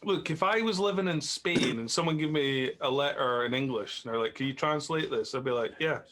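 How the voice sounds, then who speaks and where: A man's voice: medium pitch, a little fast, a bit bright. A man chatting and joking with friends on a film commentary track over a video call. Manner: joking, teasing. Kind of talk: casual commentary chat.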